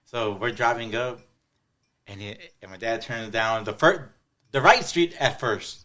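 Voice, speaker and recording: A man's voice: mid-range voice, measured pace, sharp tone. A man telling long personal stories in casual podcast chat, often restarting and repeating words. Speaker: podcast co-host.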